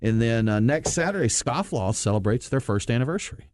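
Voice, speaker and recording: A man's voice: medium pitch, lively intonation, a little fast, darkish tone, dry recording, clean studio sound. Easygoing male beer show co-host. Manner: easygoing event-listing delivery. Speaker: podcast co-host. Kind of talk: casual radio show chat.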